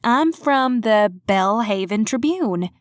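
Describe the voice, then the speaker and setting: A woman voicing a young woman who puts on a twangy Southern accent, speaking slowly in an audiobook. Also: on the high side, lively intonation, no echo, studio quality. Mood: drawling. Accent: Southern US, put on. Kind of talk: audiobook character voice.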